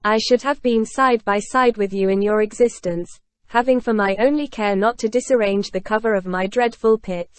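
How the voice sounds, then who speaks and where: A woman's voice: on the high side, moderate pace, few pauses, no room sound, close to an everyday voice. Woman voicing a guilt-crushed aging ex-convict, solemn confessional tone, storybook reading. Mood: anguished. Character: remorseful aging ex-convict man, tormented.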